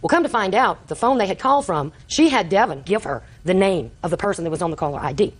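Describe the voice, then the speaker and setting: An older woman testifying in court, telling her story quickly and acting out the conversations she recounts. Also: fairly low pitch, animated, breathy edge. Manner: rapid, breathless storytelling, acting out quoted exchanges. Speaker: litigant.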